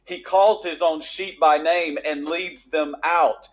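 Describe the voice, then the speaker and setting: A man's voice: fairly high pitch, fairly even intonation, takes it slowly. A man in his thirties, a pastor, preaching a sermon in a conversational way that builds to emphatic intensity.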